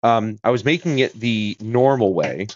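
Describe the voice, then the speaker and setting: A man's voice: lowish voice, lively intonation, moderate pace, lo-fi sound, slight background noise. A man from the United States hosting a casual livestream, chatty and rambling with fillers and self-corrections. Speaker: livestream host. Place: home room with a kitchen corner. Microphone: streaming setup.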